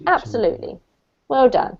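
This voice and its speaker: A woman's voice: sits high, big pitch swings, moderate pace, darkish tone. A woman teacher giving patient, encouraging pronunciation feedback to a student in an online English lesson. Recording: dull lo-fi call audio.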